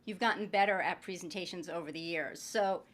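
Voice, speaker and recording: A woman's voice: fairly low pitch, brisk, fairly bright tone. A woman hosting a podcast interview, chatty and upbeat, introducing her guest with light jokes. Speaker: podcast host.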